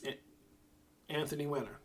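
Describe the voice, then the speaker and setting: A man's voice: fairly high pitch, steady tone, normal speed, slight background noise. A middle-aged man hosting a crypto livestream, preaching in a fired-up motivational rant and calling out viewers by name.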